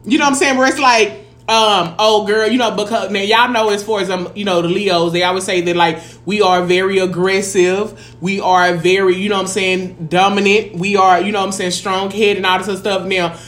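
A woman's voice: medium pitch, fairly even intonation, a little fast, a bit bright. A woman, co-hosting a casual chat, blunt and profane, who keeps saying "you know what I'm saying.".

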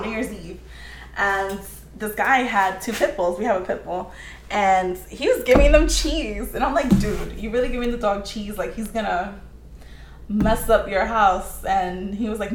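A woman's voice: mid-range voice, a little hiss or hum. A chatty woman talks her way through cooking at home and laughs easily as she goes. Her voice rings around a hard, echoey kitchen. Pots and pans clatter faintly in the background. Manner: chatty, laughs often, reads out viewer comments. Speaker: home cook live-streaming. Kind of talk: casual cooking stream chat.

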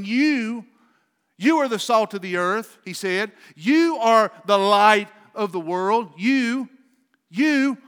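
A man's voice: sits high, a bit bright, long reverb tail. A man pastor preaching a sermon with an emphatic, repetitive cadence, speaking in a church sanctuary.

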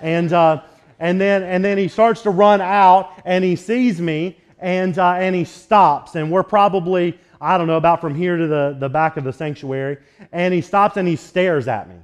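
A man pastor preaching a relaxed, joking sermon in a church sanctuary, telling stories between scripture readings. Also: high-pitched, normal speed, smooth. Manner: casual, conversational, joking storyteller.

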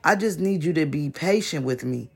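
A man's voice: on the high side, expressive, moderate pace, gravelly, a little mellow, husky, full character voice. A man reading as an evasive two-timing fiancé. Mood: placating.

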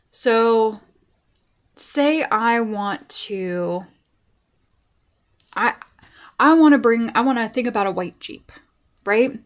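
A woman's voice: fairly high pitch, highs cut off. A woman life coach giving a casual motivational talk to her viewers, earnest and chatty with tough-love asides.

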